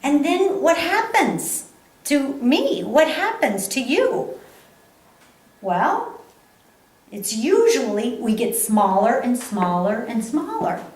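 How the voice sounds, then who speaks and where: A woman giving a live motivational talk to an audience, animated, laughing often and repeating phrases for emphasis. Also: high voice, takes it slowly. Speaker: motivational speaker. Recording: echoey hall.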